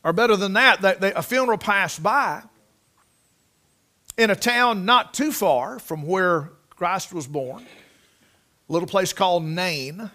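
High-voiced preacher. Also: male voice, a little slow, pauses often, sharp tone. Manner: folksy storytelling, reading scripture aloud with emphasis. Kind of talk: sermon.

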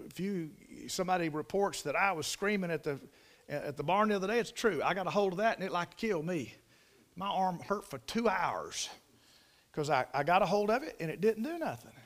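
A high-pitched man, telling a barnyard story with a folksy drawl. His voice swoops up and down a lot as he spins it out like a preacher. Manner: folksy, animated, drawling country talk.

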